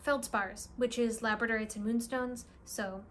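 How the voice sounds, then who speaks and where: A young woman who runs a crystal shop, talking through her purchases in a casual, excitable vlog with lots of "like" and "really, really". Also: a little high, normal speed, a little hiss or hum. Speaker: crystal shop owner and vlogger. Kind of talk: casual show-and-tell vlog.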